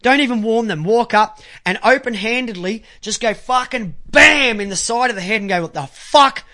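A man ranting crudely to camera, halting when he reads aloud. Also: high-pitched, pushed and bright. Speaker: vlogger. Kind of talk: angry profane monologue to camera.

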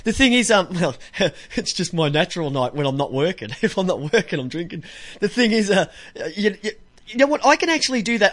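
Tipsy rambling host, lively pitch. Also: male voice, fairly quick. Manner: rambling, stumbles over words, laughs often. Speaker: podcast host. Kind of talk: casual tipsy chat.

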